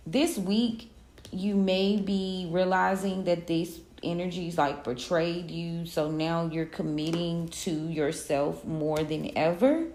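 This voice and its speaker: A woman with a low, gravelly voice gives a casual tarot reading full of slang and pep-talk encouragement. The sound is echoey, as if from a bare room. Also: steady tone, takes it slowly, a little mellow. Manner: loose, slangy pep-talk delivery with frequent laughs. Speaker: tarot reader.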